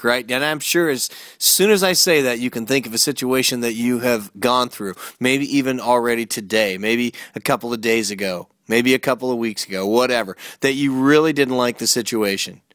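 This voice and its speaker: A middle-aged man hosting a motivational talk, energetic and storytelling, with emphatic rhetorical questions. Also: mid-range voice, brisk, few pauses, no room sound, studio quality. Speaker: motivational speaker and host.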